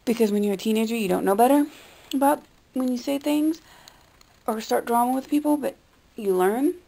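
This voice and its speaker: A woman's voice: a little high, brisk, gravelly, dark tone. A young woman vlogger talking bluntly and defensively, swearing freely in a casual rant. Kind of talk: casual ranting vlog.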